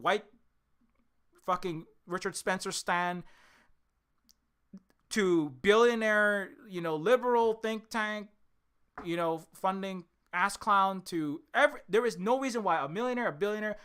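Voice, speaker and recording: Unhurried yet heated, the indie game developer swears his way through a livestream rant, alternating loud shouting with low muttering. The voice is clear and resonant, though his vocal cords sound strained.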